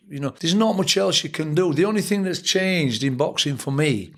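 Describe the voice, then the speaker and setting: A man's voice: fairly high pitch, lively intonation, normal speed, few pauses. An older man with a Sheffield accent, a boxing trainer telling reflective, blunt stories as a guest on a casual podcast interview. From England.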